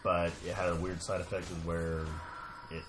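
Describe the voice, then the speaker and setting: A man's voice: sits low, completely flat delivery, moderate pace, very noisy. A man chatting casually on a livestream, explaining things in a rambling, easygoing way. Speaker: guest explaining game lore.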